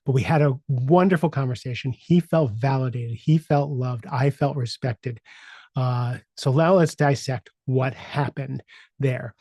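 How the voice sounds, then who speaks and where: Mellow-voiced man telling a coaching story. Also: mid-range voice, dry recording. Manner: halting, with many fillers and restarts. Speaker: podcast host and executive coach. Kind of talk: casual personal storytelling monologue.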